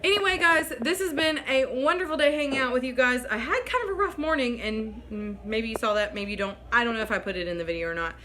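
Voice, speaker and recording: A woman with a bright, fairly high voice talks through a cooking vlog at home. She is upbeat and chatty and speaks straight to her viewers, with faint household noise behind her. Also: quick pace, hardly any pauses. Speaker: vlogger. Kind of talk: casual cooking vlog chat. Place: home kitchen.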